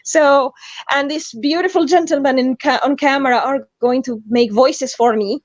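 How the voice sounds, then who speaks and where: A woman's voice: high voice, moderate pace, no room sound. A woman writer hosting a casual video chat, talking in a playful, theatrical, self-mocking way. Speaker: writer and channel host. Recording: dry, slightly dull lo-fi audio.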